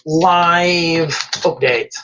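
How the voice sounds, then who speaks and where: A man's voice: fairly high pitch, drawn-out words, fairly bright tone, highs cut off, slight background noise. A man hosting a live stream, talking casually, rambling and repeating himself as he reads out viewer comments.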